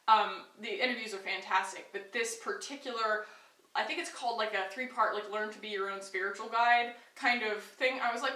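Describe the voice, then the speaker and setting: A woman's voice: medium pitch, fairly even intonation, a little fast, bright, forceful tone. A young adult woman vlogger telling a personal story in a chatty, rambling way, full of fillers. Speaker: beauty vlogger. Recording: echoey room, a bit far from mic.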